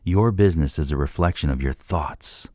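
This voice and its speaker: A man voicing a calm, firm male business mentor in an audiobook, lecturing in a measured way. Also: rumbling low, dry recording. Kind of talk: audiobook character voice.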